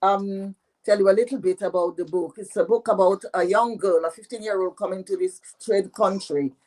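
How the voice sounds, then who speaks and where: A woman's voice: mid-range voice, darkish tone, poor audio. Woman, 80s, Dominican French patois accent, storytelling guest, frequent fillers, remote call. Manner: unhurried storytelling, many repeated "you know" fillers. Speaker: author guest. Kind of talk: interview answers.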